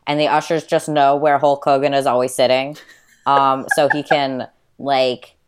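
A young woman co-hosting a podcast, talking in a halting way with many restarts and fillers. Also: very deep voice, flat delivery, clean tone. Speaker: podcast co-host. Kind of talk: casual chat.

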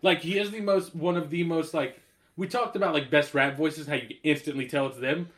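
A man's voice: on the high side, fairly even intonation, brisk, fairly bright tone. A man co-hosting a casual music chat, rambling with many fillers and some swearing. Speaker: podcast co-host.

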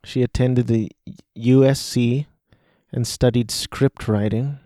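A man's voice: medium pitch, steady tone, takes it slowly, dark tone, no echo, studio quality. A man hosting a casual solo podcast, talking through a movie he watched, rambling and hesitant with many restarts. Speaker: podcast host.

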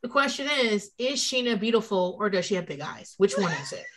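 A woman's voice: medium pitch, a little fast, crowd noise. A woman co-hosting a casual chat, telling gossip with profanity and acting out quoted lines. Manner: profane, animated storytelling with quoted voices. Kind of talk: casual chat recapping a reality show.

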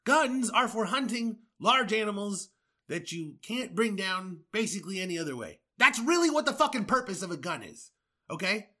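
A man's voice: high-pitched, lively intonation, moderate pace, bright, forceful tone. A man from the United States, a podcast host, delivering an angry, profane political rant with sarcastic asides.

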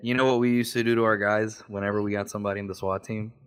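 A man's voice: lowish voice, flat delivery, very fast, fairly bright tone, smooth. A man in his thirties on a video call, telling stories in a casual, profane way and often breaking into laughter. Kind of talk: casual chat.

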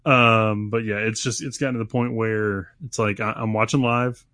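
A man's voice: on the low side, little pitch movement, normal speed, pushed and bright, no echo, clean studio sound. A man co-hosting a podcast, talking casually with lots of stops and restarts. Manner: rambling, many fillers and restarts. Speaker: podcast co-host. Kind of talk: casual chat.

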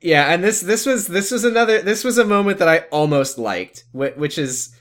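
A man's voice: sits high, expressive, normal speed, fairly bright tone. A man co-hosting a podcast, chatting casually and sarcastically and swearing freely. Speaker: podcast co-host. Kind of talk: casual chat recapping a TV episode.

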